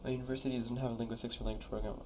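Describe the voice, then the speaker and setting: Rapid-fire and flat, the mid-range voice of a young college man comes over background noise. He's streaming live in a chatty, laid-back mood, reviewing viewers' conlangs by reading their chat aloud and sounding out the invented words.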